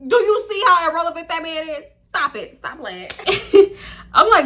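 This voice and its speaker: Young girl spilling a storytime, bright sharp voice, kinda high, super animated. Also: a little fast. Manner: chatty, animated retelling with laughs and quoted dialogue. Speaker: storytime YouTuber. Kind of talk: casual storytime vlog.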